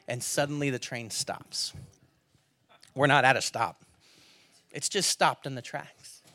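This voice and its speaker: Bright-voiced man preaching a sermon. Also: mid-range voice, unhurried, long pauses, no room sound. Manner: storytelling, swings from loud exclamations to hushed near-whispers. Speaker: pastor. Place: church service.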